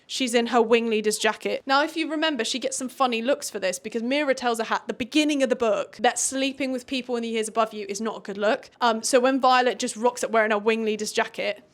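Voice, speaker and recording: A woman's voice: a little high, quick pace, hardly any pauses. A woman giving a casual, sarcastic book recap, with chatty, dramatic asides. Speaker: book reviewer.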